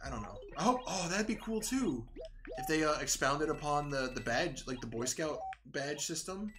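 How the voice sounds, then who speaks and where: A young man casually talking to himself while playing a video game, rambling and relaxed, now and then yawning, at a home desk mic. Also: fairly high pitch, moderate pace, noisy background. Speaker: gaming video creator. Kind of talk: casual gameplay commentary. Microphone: desk microphone at home. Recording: faint game music behind.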